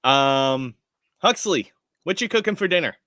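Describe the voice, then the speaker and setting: A man running a tabletop game as game master, relaxed and laughing often. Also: fairly high pitch, unhurried, no echo, studio quality.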